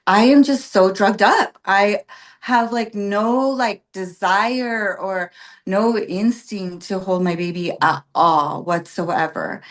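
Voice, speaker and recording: A woman's voice: mid-range voice, slow pace. A woman guest on a podcast telling her birth story in casual chat, with many fillers like "like" and "um", acting out what others said. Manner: chatty, full of "like" and "um", acts out quoted voices.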